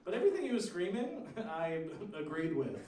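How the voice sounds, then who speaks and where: A man doing stand-up, telling stories and acting out the strangers he met in quick asides. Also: high-pitched, huge pitch swings, slight background noise. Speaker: stand-up comedian. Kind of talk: stand-up set. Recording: roomy, distant mic with loud crowd. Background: audience laughter.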